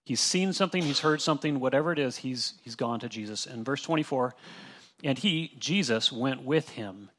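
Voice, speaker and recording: A man's voice: medium pitch, expressive, moderate pace, fairly bright tone, slight background noise. A young man leading a casual Bible study, talking through a passage verse by verse in an easy, conversational way. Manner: conversational, with restarts and acted-out asides.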